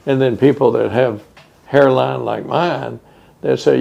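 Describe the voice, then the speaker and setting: Older texas guy, real gravelly voice, rambling back over old times with lots of uhs. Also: mid-range voice, fairly even intonation, dark tone. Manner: reminiscing, unhurried with many fillers. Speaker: interviewee. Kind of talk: oral history interview.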